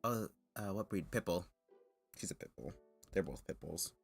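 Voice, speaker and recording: A man with a deep voice chats to his stream viewers, his pitch swinging animatedly as he rambles. He laughs often, trips over restarts and sounds a bit nervous, with faint music playing underneath. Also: lively intonation, normal speed, gravelly, slightly rough. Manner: self-consciously nervous. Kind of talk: casual chat with viewers.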